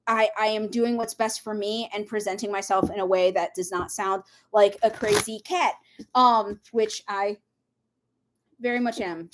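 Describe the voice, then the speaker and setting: A woman from Minnesota, reading tarot in a casual livestream and rambling off on lively side tangents. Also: fairly high pitch. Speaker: tarot reader.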